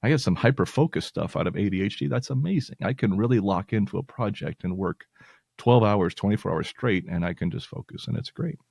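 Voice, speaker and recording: A man's voice: on the low side, animated, a little fast, vocal fry, darkish tone, husky, no room sound, clean studio sound. A male podcast host talking earnestly and reassuringly to his listeners, at times getting emotional. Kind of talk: heartfelt personal talk to listeners.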